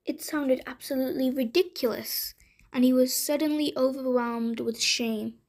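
A woman reading a bedtime story aloud in a gentle, unhurried way. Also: high voice, fairly even intonation.

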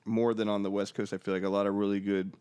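A man's voice: lowish voice, fast talker, clean tone. A man from Ohio co-hosting a podcast, telling stories casually with lots of swearing and acted-out quotes. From Ohio, USA. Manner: animated, acts out quoted voices. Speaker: podcast co-host. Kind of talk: casual profane storytelling.

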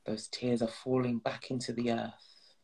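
A man leading a slow, solemn guided prayer and meditation, soothing and at times dropping to a whisper. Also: mid-range voice, little pitch movement, vocal fry, a little mellow, slightly rough, low-quality recording. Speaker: spiritual guide.

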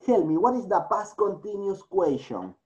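A man's voice: sits high, sing-song, normal speed, darkish tone. A teacher with a Latin American Spanish accent, speaking English as a second language, coaxing his class through a grammar lesson, repeating answers and slipping into Spanish. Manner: repeats and coaxes students, mixes in Spanish. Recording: dull lo-fi recording.

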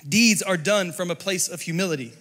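A man preaching a sermon as pastor at a church service, passionate and often building up to shouting. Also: sits high, brisk, big-room sound.

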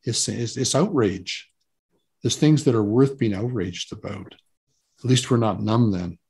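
A man's voice: mid-range voice, measured pace, creaky, a little mellow, breathy edge. A man speaking as a guest in an interview, earnest and emphatic, often repeating words for stress. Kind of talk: relaxed interview talk.

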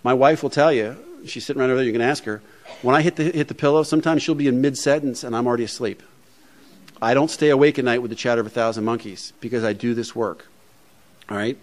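This man's mid-range voice is fairly even in intonation and quick-paced as he gives a speech to a recovery meeting in front of an audience in a meeting room. He's plainspoken, funny and conversational, frequently dropping "you know."

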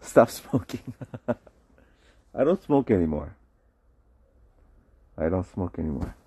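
A man with a sore throat and a husky voice, joking around with viewers in a casual livestream. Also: deep voice, big pitch swings, slow pace, dark tone. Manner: joking, playful banter with viewers. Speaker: livestream host.

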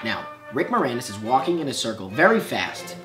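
A young man rattles through an absurd story idea with friends, his pitch swinging all over the place. He speaks in a roomy, echoing space with music playing behind him. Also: fairly quick. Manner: animated storyteller with sudden squeaky outbursts. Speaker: comedy group member. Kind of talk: casual brainstorming chat.

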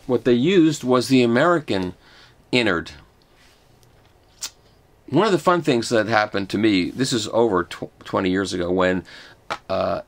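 A man's voice: medium pitch, fairly bright tone, a little hiss or hum. Chatty older man unboxing records. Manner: chatty, enthusiastic, rambling with restarts. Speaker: record reviewer. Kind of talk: casual unboxing talk.

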